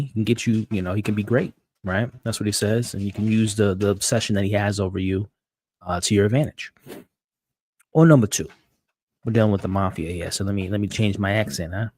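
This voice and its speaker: A man with a somewhat low voice hosts a live-stream recap of a TV episode. He talks excitably, often repeating words as he restarts his sentences. The sound is dry and close, with no room echo. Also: fairly quick, long pauses. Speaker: show host. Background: dog.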